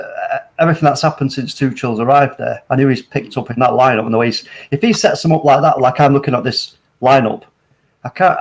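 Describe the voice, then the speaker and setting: A man co-hosting a casual football watchalong, giving animated, opinionated takes. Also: medium pitch. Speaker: co-host of a watchalong.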